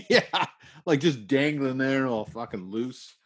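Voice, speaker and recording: A man's voice: mid-range voice, lively intonation, takes it slowly. A man chatting casually about a movie, agreeing often and laughing easily. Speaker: podcast co-host. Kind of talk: casual movie review chat.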